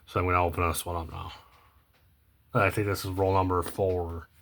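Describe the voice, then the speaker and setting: A very deep-voiced young man talks through what he is sorting in an easygoing, unscripted way. He hesitates, restarts his sentences and fills pauses with ums. His phrases often sink to a low mumble at the end. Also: level tone, noisy background. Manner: rambling, hesitant, many ums and self-corrections; low-key, trails off quietly at phrase ends. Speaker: coin collecting vlogger. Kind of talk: casual unscripted commentary while sorting coins.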